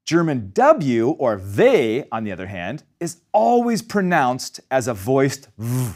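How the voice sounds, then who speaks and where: Each sound gets modeled slowly by this medium-pitched man as he leads a scripted lesson on German pronunciation with lively delivery.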